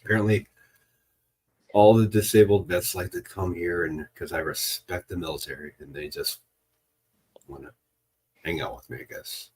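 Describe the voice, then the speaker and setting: A lower-voiced man chats in an easygoing, joking way on a late-night stream. Light background noise and faint clicks sit behind his voice. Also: steady tone, moderate pace, pauses often. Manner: laid-back, joking, chats to viewers.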